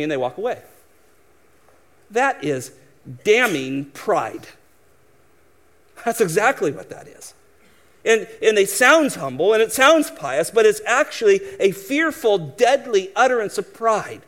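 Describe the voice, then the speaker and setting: A man preaching a sermon, emphatic, swinging between loud exhortation and quiet asides, mocking doubters in quoted voices. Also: high-pitched, very animated, normal speed. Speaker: pastor.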